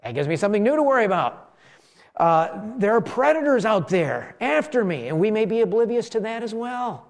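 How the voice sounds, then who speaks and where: A middle-aged man, a pastor, preaching a conversational sermon, slowing down for emphasis and having the congregation repeat lines with him. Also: high-pitched, big pitch swings, gravelly.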